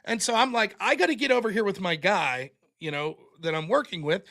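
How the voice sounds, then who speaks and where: Bright high-voiced man telling a story. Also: fairly quick. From United States. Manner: animated storyteller, acts out quoted people with loud bursts, laughs often. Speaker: podcast host. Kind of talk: casual storytelling monologue.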